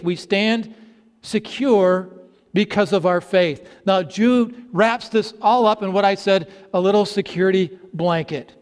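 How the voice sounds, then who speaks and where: A man's voice: high-pitched, big-room sound. A man preaching a sermon to his congregation, stressing words with emphatic repetition. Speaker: pastor. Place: church sanctuary.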